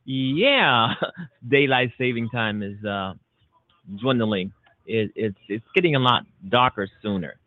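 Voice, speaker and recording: A man hosts a Chicago-based internet radio show on politics, making emphatic, repetitive, punchy declarations. His mid-range voice is animated but slow, and the dry, tinny phone-like line has no room sound.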